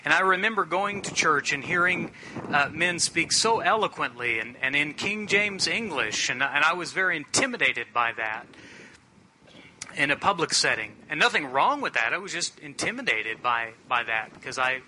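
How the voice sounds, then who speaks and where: A middle-aged male pastor preaching a sermon in an earnest, plainspoken way, slowing down to stress key phrases. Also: a little high, lively intonation, pushed and bright, a little hiss or hum.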